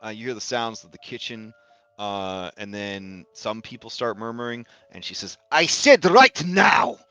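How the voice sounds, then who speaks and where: Low-voiced laid-back game master. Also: male voice, steady tone, moderate pace, fairly bright tone, clear, resonant tone, no room sound, faint music behind. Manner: laid-back, jokey, swears casually. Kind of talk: narrating a tabletop game.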